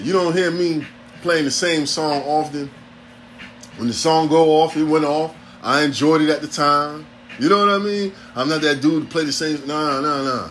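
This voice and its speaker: A man's voice: fairly high pitch, fairly bright tone, slight background noise. A man, hosting a podcast in a blunt, profane, streetwise ranting monologue. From New York City. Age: 40s. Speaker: podcast host.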